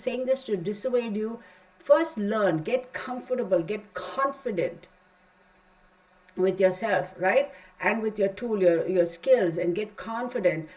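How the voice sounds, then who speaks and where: Middle-aged woman tarot reader, mid-pitched, talky and rambling, firm advice. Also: darkish tone, low-quality recording. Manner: chatty and rambling, emphatic asides. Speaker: tarot reader teaching a class. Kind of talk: casual spoken class.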